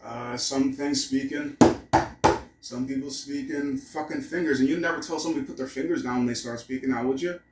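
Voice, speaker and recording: A man's voice: mid-range voice, fairly even intonation, brisk, far from the mic, very noisy. Rambling, cursing man in an echoey room. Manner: rambling, profane, musing aloud. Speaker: vlogger. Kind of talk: casual vlog monologue. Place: room at home.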